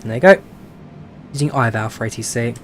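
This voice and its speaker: A man's voice: medium pitch, lively intonation, brisk, a little hiss or hum. Chatty London man streaming. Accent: London English. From London, England. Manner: chatty, reads out viewer questions and answers them with many "uh"s. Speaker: flight sim streamer. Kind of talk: casual live-stream chat while flying a simulator.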